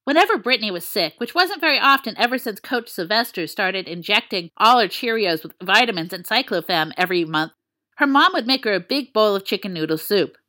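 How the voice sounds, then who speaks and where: A woman reading a story aloud in a playful, expressive way. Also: mid-range voice. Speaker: narrator. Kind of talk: storybook fan-fiction reading.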